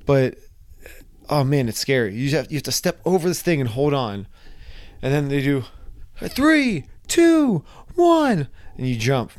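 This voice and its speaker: A young man casually telling a wild personal story, animated, sometimes acting out his own panicked screams. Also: medium pitch, moderate pace, clear, resonant tone.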